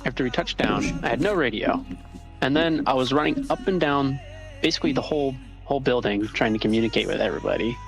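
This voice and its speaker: Fast-talking gravelly man in voice chat. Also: mid-range voice, music in the background. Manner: hurried, repeats words. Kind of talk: casual gaming chat.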